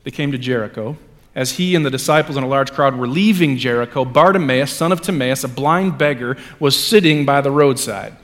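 A male pastor reading scripture aloud and then preaching a sermon, moving between hushed lines and loud ones, with casual asides. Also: mid-range voice, brisk, long reverb tail. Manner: reads scripture with dramatic swings from hushed to loud; conversational asides with fillers.

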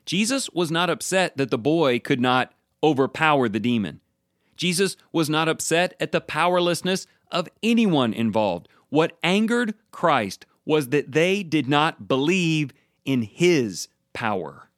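An emphatic male preacher delivering a sermon, slowing down to lean on key words. His pitch moves in lively swings. The voice is dry and close, with no room sound. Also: no room sound. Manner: emphatic, slows down for stressed words.

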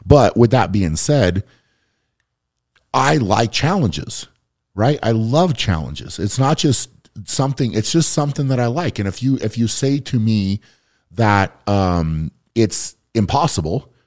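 Man, podcast host, low voice, earnest, casual chat, keeps asking "right?". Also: lively intonation, unhurried, darkish tone. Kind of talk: casual conversation.

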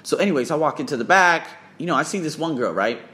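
Excitable, foul-mouthed male storyteller. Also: a little high, quick pace. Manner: profane, excitable, animated storytelling. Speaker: vlogger and English teacher. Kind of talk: casual storytelling monologue.

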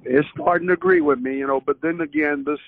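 A man in his seventies from southern Maryland, a retired basketball coach telling stories in a casual, animated way as an interview guest. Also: on the high side, quick pace, gravelly, no room sound. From southern Maryland, USA. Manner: animated storyteller, acts out quoted voices. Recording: tinny phone-line audio.

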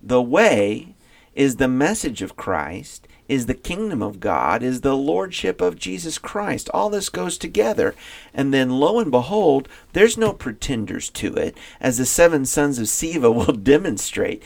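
A man's voice: medium pitch, big pitch swings, measured pace, vocal fry. A man co-hosting a Bible podcast, talking through a passage in a chatty, thinking-aloud way with fillers and restarts. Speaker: podcast co-host. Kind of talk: casual Bible study discussion.

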